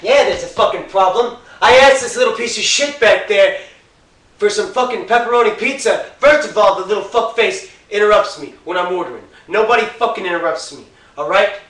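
A man's voice: medium pitch, animated, fast talker, a bit bright, voice pushed down, lightly acted. A man playing a foul-mouthed, menacing customer. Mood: yelling. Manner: swearing, threatening, bullying. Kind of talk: amateur comedy sketch. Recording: echoey room, distant mic, faint hiss.

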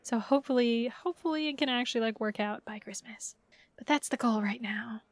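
A woman streamer chatting in a casual, rambling way between bouts of gameplay, laughing often. Her voice sits high and bright, recorded close and dry with no room sound. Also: fairly quick, dry recording. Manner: giggly, rambling, playful. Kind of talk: casual live-stream chat.

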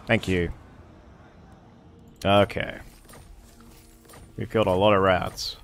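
A man's voice: deep voice, steady tone, slow pace, vocal fry, soft background music. A man giving casual commentary as he plays a strategy game, thinking aloud and swearing under his breath. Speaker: gameplay streamer. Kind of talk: casual let's-play commentary.

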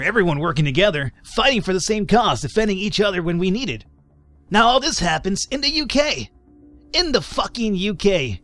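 Man putting on a high excited surfer dude. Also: no echo, heavily acted. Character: excitable young male surfer survivor, high-pitched.

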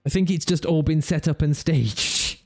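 A man's voice: a little high, moderate pace, faint music behind. A man commenting on a video, laughing often and swearing playfully as he mocks what he sees. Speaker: reaction video host. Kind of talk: reaction commentary. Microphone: studio podcast mic.

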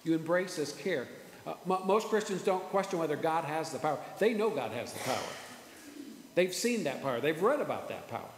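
A man preaching a sermon as pastor, earnest, repeating words and slowing down for emphasis. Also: a little high, expressive, slight background noise. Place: church sanctuary. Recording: echoey church hall with faint ambience.

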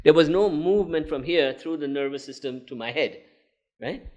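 Animated man giving a spiritual talk. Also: a little high, moderate pace. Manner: animated, laughing, acting out inner voices. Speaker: spiritual teacher.

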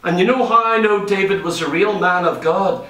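A man's voice: high-pitched, normal speed, pushed and bright. A man preaching a sermon in a church, telling a Bible story with emphatic repetition. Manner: emphatic storytelling preaching, repeats key phrases. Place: church hall. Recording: roomy church sound, mic far off.

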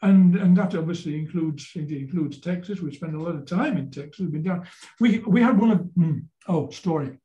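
An older Yorkshire man in his seventies tells stories in a casual interview, with a mellow, dark tone pitched fairly high. He rambles and stumbles over repeated words as he gets to the point. His voice rings in an echoey room. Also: normal speed, few pauses, dull audio. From Yorkshire, England. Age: 70s. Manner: rambling, repeats words while telling anecdotes. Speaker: guest folk singer-songwriter.

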